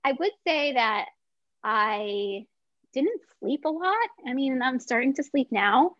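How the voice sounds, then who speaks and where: A woman who founded a small business tells her story in a casual interview, chatty and excitable, full of filler words. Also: high voice, takes it slowly, no echo, highs cut off.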